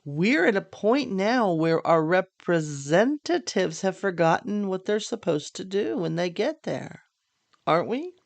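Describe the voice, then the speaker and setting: A woman's voice: fairly low pitch, animated, measured pace, vocal fry, no room sound. An older woman hosting a casual political monologue, chatty and joking, sounding tired late at night. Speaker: podcast host.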